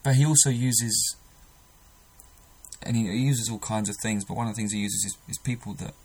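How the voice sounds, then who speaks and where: A man's voice: fairly low pitch, level tone, moderate pace, a little mellow, husky, low-quality recording. A man preaching a sermon, earnest and emphatic, often restarting his sentences.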